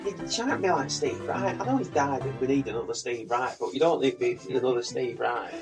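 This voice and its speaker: A man's voice: medium pitch, lively intonation, fairly quick, faint music behind. A man with a Northern English accent, co-hosting a podcast and joking around in casual banter. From Northern England. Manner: jokey, teasing, playful. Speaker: podcast co-host.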